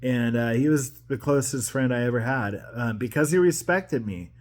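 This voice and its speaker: A man's voice: medium pitch, moderate pace. A man in his forties from the Pacific Northwest, talking to camera in a personal monologue, emotional and rambling, with restarts and repeated phrases. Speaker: vlogger.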